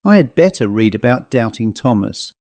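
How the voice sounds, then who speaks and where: A man reading a ghost story aloud in a measured, wry storytelling manner, as an audiobook narrator. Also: mid-range voice, big pitch swings, darkish tone, dry recording.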